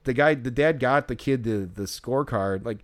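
A man co-hosts a casual podcast, spinning a long story in loose, rambling chat. He swears freely and leans on "like" in nearly every line. His voice is smooth and clean, set at an ordinary middle pitch. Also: moderate pace. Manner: rambling, swears often, heavy use of "like". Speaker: podcast co-host.

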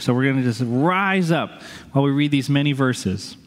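A man's voice: medium pitch, lively intonation, normal speed, long reverb tail. A man preaching a sermon as pastor, talking earnestly and conversationally with some light humor, then reading scripture aloud to the congregation. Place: church sanctuary.

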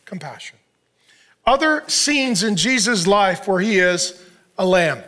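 Very high, bright-voiced joking male preacher. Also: expressive, a little slow. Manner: punchy and joking, fires rhetorical questions at the audience. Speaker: pastor. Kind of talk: sermon.

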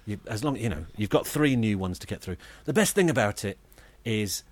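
A man, co-hosting a comedy podcast and telling a rambling, animated story. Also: fairly low pitch, fairly quick, no echo. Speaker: podcast co-host. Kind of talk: casual comedy chat.

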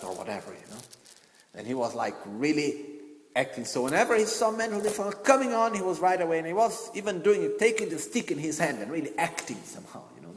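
A man at mid pitch, teaching a Buddhist text in a loose, conversational way and dropping in frequent asides. His voice rings around a roomy space with a long reverb tail. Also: expressive, brisk. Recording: echoey room with long reverb.

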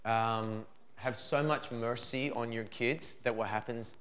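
A middle-aged man giving a lively parenting seminar talk, acting out dialogue as he goes. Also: medium pitch, a little slow. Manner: animated, acts out dialogue in put-on voices.

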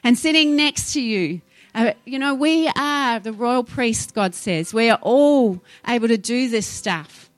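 A woman's voice: on the high side, unhurried, no echo. A woman preaching a sermon, fervent and exhorting, rising into urgent appeals to her congregation.

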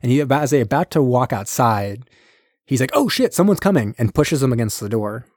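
Animated man retelling a movie. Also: mid-range voice, no room sound, studio quality. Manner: animated retelling, slipping into quick character voices. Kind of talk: casual film recap chat.

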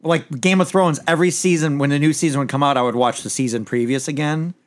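A man's voice: on the high side, fairly even intonation, fast talker. A man chatting casually as a podcast host, rambling through a TV episode recap with lots of restarts and the odd swear word.

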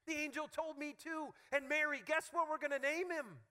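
A man's voice: high-pitched, big pitch swings, normal speed, bright, forceful tone, heavily acted. A male pastor playing Joseph, an earnest young carpenter, eagerly telling his bride news in a sermon role-play.

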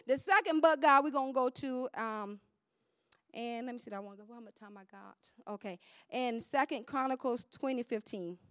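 A woman preacher delivers a fervent sermon in a high voice. She rises into shouted proclamations and drops to low asides, calling for responses. The sound is dry and close, with no room echo. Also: normal speed. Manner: fervent, call-and-response preaching with swings from shouts to near-murmurs.

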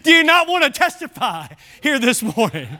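A man preaching a sermon as pastor, driving points home with shouted emphasis and rhetorical questions. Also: very high-pitched, very animated, normal speed.

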